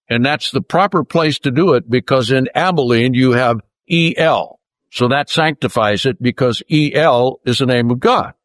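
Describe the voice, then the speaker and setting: A man giving a Bible teaching sermon, reading scripture aloud and slowing down to stress key words. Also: mid-range voice, fairly bright tone, dry recording. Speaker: preacher.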